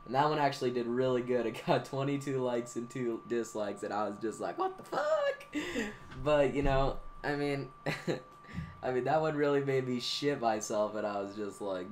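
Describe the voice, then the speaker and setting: A teenage boy talking through his channel's history in a rambling, profane, excitable way, as a gaming YouTuber looking back. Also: mid-range voice, a little hiss or hum. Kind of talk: casual anniversary vlog monologue.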